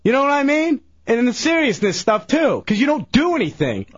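A man's voice: very high-pitched, sing-song, a little fast, breathy edge, no echo, lo-fi sound. A man working as a radio show producer, ranting angrily and belittling an intern on air. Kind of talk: heated on-air argument.

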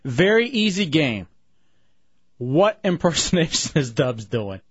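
A man's voice: fairly high pitch, big pitch swings, a little slow, husky, no echo. A male radio host with a slightly raised voice, upbeat and joking as he rattles off call-in numbers. The studio sound is dry and a little muffled, like a broadcast recording. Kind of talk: casual radio chat.

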